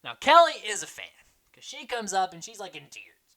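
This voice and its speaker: Chatty bright-voiced man recapping a show. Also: high voice, moderate pace. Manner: chatty, animated, quotes people in mimicking voices. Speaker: podcast host recapping a reality show. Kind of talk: casual recap commentary.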